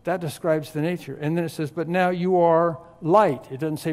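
A man preaching a sermon as pastor, teaching through a scripture passage with slow, emphatic stress on key words and some dry humor. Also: on the high side, fairly even intonation, darkish tone. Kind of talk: expository sermon. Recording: long hall reverb.

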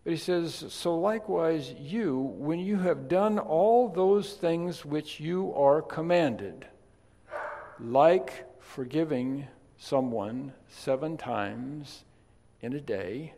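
A man preaching a sermon, chatty in his asides and then emphatic and loud on key points. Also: a little high, expressive, takes it slowly. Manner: conversational, swings from quiet asides to emphatic loud stresses. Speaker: pastor. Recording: long reverb of a large hall.

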